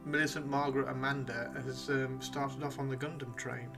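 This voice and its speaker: A man's voice: medium pitch, little pitch movement, normal speed, music in the background. A man chatting casually on a live stream while painting miniatures, rambling and playfully teasing his chat.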